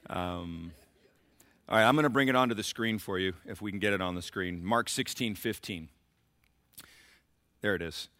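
A man's voice: lowish voice, normal speed, long pauses, fairly bright tone, dry recording. A middle-aged man preaching a sermon as pastor, building to emphatic surges and talking directly to the congregation.

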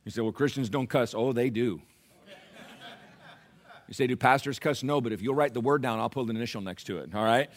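A man preaching a sermon as pastor, telling stories and quoting scripture, swinging between low, quiet asides and loud emphatic peaks. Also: brisk, long pauses.

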